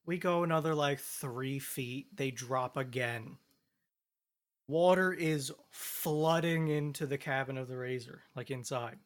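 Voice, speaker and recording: A man's voice: medium pitch, unhurried. A man in casual chat, recounting events in a laid-back, step-by-step way.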